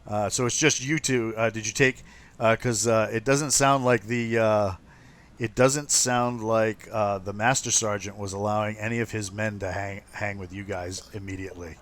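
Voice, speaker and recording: A man's voice: lowish voice, moderate pace. A man narrating as game master for a tabletop game, talking loosely with many ums and uhs. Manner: relaxed, full of ums and uhs.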